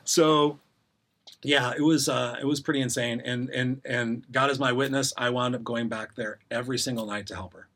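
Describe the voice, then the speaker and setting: A man's voice: mid-range voice, fairly even intonation, moderate pace, fairly bright tone. A middle-aged man telling a rambling personal story as an interview guest, acting out the voices of people he quotes.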